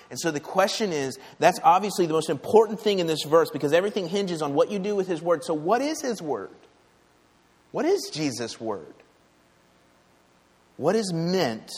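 A man delivers a sermon in a relaxed, conversational way, pressing his points with rhetorical questions to the congregation. His voice sits a little high and sounds somewhat husky. A long reverb from the church sanctuary trails after his words. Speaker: pastor.

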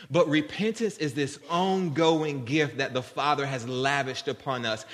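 Male preacher, fervent and dynamic, recorded in a big echoing church. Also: medium pitch. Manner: fervent, rising and falling from loud to soft. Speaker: pastor. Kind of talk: sermon. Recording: long hall reverb.

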